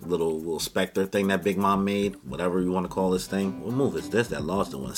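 A man hosting a casual comic chapter review from his home recording room, talking in a slangy, excitable way with sudden exclamations. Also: low voice, brisk, few pauses, faint music behind. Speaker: manga chapter reviewer, channel host. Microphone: camera setup at home.

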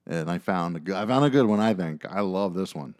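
Man, lowish voice, rambling podcast storyteller, filler words, jokey asides. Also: lively intonation, fairly quick, darkish tone. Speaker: podcast co-host. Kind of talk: casual chat.

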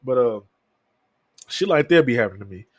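A man's voice: mid-range voice, expressive, a little fast. A man in his thirties hosting a podcast, talking alone in a candid, profane, rambling way. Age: 30s. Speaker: podcast host. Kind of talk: casual solo talk.

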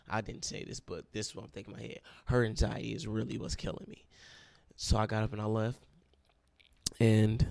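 A man's voice: lowish voice, creaky, darkish tone, dry recording. A young man sharing a personal testimony, telling his story earnestly and repeating phrases for emphasis.

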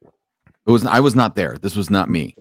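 A man co-hosting a podcast, telling an anecdote in casual chat, chatty and quick to laugh. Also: on the low side, expressive, no echo, clean studio sound. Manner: chuckling, chatty, jumps in with questions. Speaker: podcast co-host. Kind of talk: casual storytelling.

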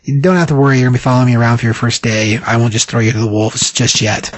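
A man reading the lines of a no-nonsense young woman showing a new coworker around a theme park, in a brisk, matter-of-fact way. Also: mid-range voice, steady tone, no room sound, close to an everyday voice.

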